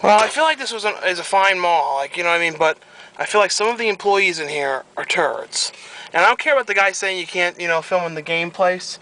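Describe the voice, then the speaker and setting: A young man vlogging, chatting casually and ranting with animated, rambling complaints. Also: high-pitched, a little fast, rough recording. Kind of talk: casual chat.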